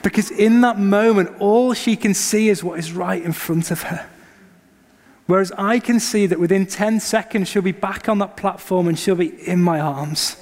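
A man in his thirties preaching a sermon, telling a family story in a lively storytelling manner. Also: high voice, normal speed, big-room sound. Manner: storytelling, animated when acting out scenes. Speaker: pastor.

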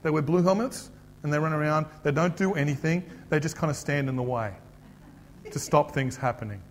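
Middle-aged Aussie pastor, somewhat higher voice, casual joking preacher who quizzes the room. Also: male voice, a little fast, long reverb tail, slight background noise. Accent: Australian. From Australia. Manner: chatty, joking, asks the audience questions. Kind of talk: conversational sermon.

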